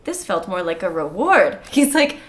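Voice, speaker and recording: A woman's voice: medium pitch, sing-song, normal speed, fairly bright tone. A woman co-hosting a casual book club read-along, reading passages aloud and jumping into playful character voices. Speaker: podcast co-host.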